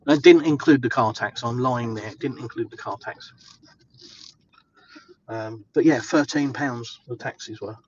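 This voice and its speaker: English bloke rambling on while walking outside in the snow, lots of ums, a bit muffled, faint wind behind. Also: male voice, mid-range voice. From England. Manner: chatty, rambling, with many fillers. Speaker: vlogger. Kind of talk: casual walking vlog. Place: outdoors in the snow.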